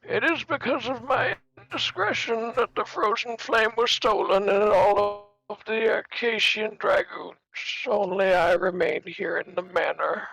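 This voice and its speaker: A man's voice: sits high, measured pace, vocal fry, hardly any pauses, bright, forceful tone, full character voice, low-quality recording. A man voicing a guilt-ridden old male manor keeper in a formal, quavering, mournful way during a game stream.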